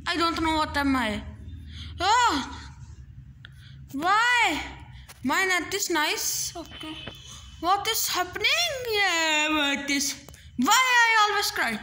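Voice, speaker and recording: A woman with doing excitable live game commentary, with dramatic outbursts and sing-song humming. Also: sits high, slight background noise. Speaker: gaming vlogger.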